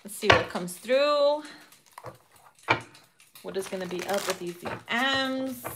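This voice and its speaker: A woman's voice: medium pitch, lively intonation, slow pace, heavy background noise. A woman giving a casual tarot reading who swears freely, laughs often and acts out quotes. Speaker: tarot reader.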